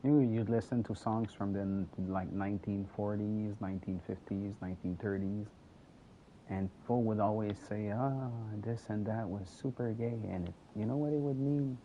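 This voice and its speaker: A man's voice: lowish voice, normal speed, lo-fi sound. A man streaming a game, rambling and joking while stumbling over repeated words. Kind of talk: casual gameplay commentary. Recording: noisy with steady background hum.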